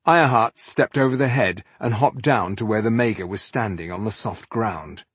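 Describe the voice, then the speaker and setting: A man reading a fantasy novel aloud as an audiobook narrator, in a measured, dramatic storytelling manner. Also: on the low side, breathy edge, no room sound.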